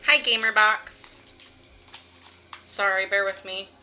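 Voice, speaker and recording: A woman's voice: medium pitch, fairly even intonation, takes it slowly, bright, forceful tone, a little hiss or hum, low-quality recording. A young woman streaming a game from home, chatting casually with her viewers, laughing often and swearing lightly. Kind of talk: casual live-stream chat while gaming.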